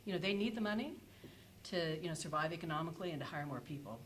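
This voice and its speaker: Panelist, woman, lower register, halting delivery full of "uh" and "like", faint background hiss. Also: lively intonation, fairly bright tone, rough recording. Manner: hesitant, many fillers and self-corrections. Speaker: energy policy panelist. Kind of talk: conference panel presentation.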